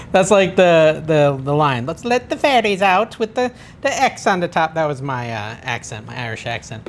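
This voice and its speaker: A man's voice: a little high, slight background noise. A man hosting a casual home cooking vlog, chatting and thinking aloud in his kitchen with a self-deprecating manner. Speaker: cooking channel host.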